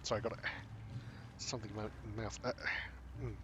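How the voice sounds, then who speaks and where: A man's voice: lowish voice, little pitch movement, fast, background noise. A man thinking aloud as he plays a video game, hesitant with many fillers. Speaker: streamer playing a video game. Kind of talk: casual gameplay commentary.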